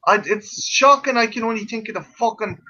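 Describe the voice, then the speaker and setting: An Irish man with a high, bright voice chats casually with a friend, swearing freely and joking around. The recording sounds dull and lo-fi. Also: brisk. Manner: swears a lot, jokey, frequent laughter. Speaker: friend in a chat. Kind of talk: casual chat.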